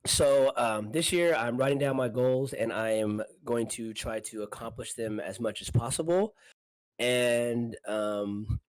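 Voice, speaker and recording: A laid-back man chatting casually as a podcast co-host, slangy and quick to laugh. His voice sits in an ordinary middle pitch. The sound is close and dry, with no room around it. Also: no room sound, poor audio. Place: apartment.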